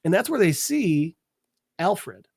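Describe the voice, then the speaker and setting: A man's voice: high voice, big pitch swings, slow pace, gravelly, a little mellow, breathy edge, no echo, clean studio sound. A man hosting a podcast, recapping a comic book in a rambling, casual way. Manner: rambling, filler-heavy storytelling. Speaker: podcast host.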